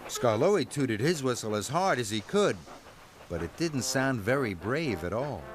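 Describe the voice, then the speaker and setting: A man reading a children's storybook aloud, with slow and expressive narration. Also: mid-range voice.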